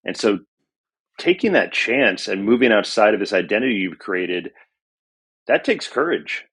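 Husky man telling stories in an interview. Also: on the low side, very animated, moderate pace, a bit bright. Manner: reflective, storytelling with frequent fillers. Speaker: author and journalist guest. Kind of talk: conversational interview.

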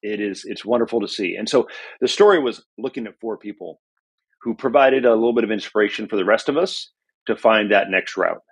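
Speaking fairly quickly in a lowish, slightly rough voice, this middle-aged author and journalist answers questions in a conversational interview. His talk is reflective and story-driven, with fillers cropping up often.

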